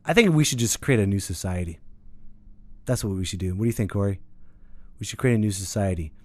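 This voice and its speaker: A man's voice: on the low side, a little fast. A man hosting a podcast, delivering a casual, sarcastic, ranting monologue with plenty of swearing. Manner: animated, sarcastic, swearing freely. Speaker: podcast host.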